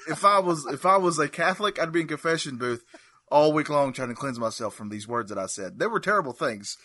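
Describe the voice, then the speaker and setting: A man's voice: a little high, bright, forceful tone, no room sound. A man co-hosting a podcast, talking casually about games with joking, sarcastic asides. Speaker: podcast co-host. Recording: dry close mic.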